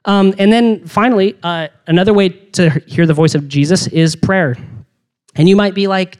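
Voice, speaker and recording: Young guy youth pastor, kinda high voice, super casual and rambly, lots of "dude" and "like". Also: moderate pace, clean tone. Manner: energetic, rambling, slangy with many restarts.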